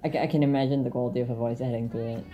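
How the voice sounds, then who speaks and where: A woman co-hosting a casual chat about films, who talks in a relaxed, chatty way and laughs easily. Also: rumbling low, very fast, dull audio. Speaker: podcast co-host.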